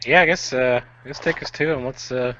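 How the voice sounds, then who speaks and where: A man's voice: mid-range voice, a little fast, sharp tone, slight background noise. Hesitant male player, lo-fi sound. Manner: hesitant, many fillers and restarts. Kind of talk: tabletop game chat. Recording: slightly dull lo-fi audio.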